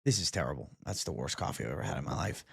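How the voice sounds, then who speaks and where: A man's voice: rumbling low, animated, very fast, creaky, a bit bright, husky, no echo, studio quality. A man hosting a casual live chat, bantering loosely and profanely with viewers. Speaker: livestream host.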